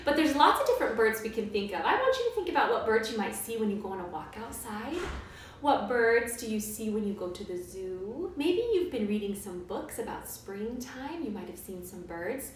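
A cheerful woman leads a little ones' music class, her higher voice swooping up and down as she coaxes the children to answer. She sounds a step back from the mic, and a strong echo rings around the room. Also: big pitch swings, normal speed, slight background noise. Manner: bright, sing-song, coaxing tone for small children. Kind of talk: live online kids' music class. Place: indoors at home during quarantine. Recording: very echoey room, mic at a distance.

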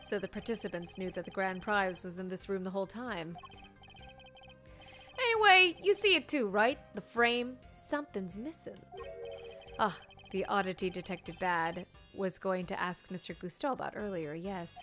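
A woman voicing a composed male prosecutor in a fan dub of a game, speaking in a measured, formal and lightly scolding way. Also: mid-range voice, a bit bright, faint music behind, lightly acted.

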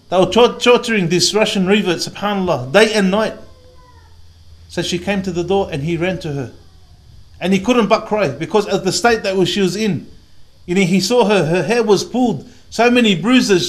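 Earnest Australian preacher with high voice. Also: male voice. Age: 30s. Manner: earnest, dramatic storytelling, drops to a hush on pious asides. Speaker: Islamic preacher. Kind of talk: narrated sermon story.

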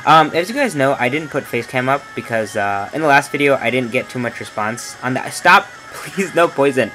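A man's voice: a little fast, soft background music, rough recording. A young man playing a video game and commenting as he goes, joking and trash-talking the characters on screen. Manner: joking, trash-talks game characters, lively swings of pitch. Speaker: let's play gamer. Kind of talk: playthrough commentary.

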